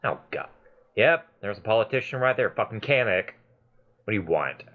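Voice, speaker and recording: Excitable man gushing over a cute game. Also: fairly low pitch, normal speed, narrow, tinny audio. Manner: excitable, gushing, swears casually. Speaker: let's play host. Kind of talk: game commentary.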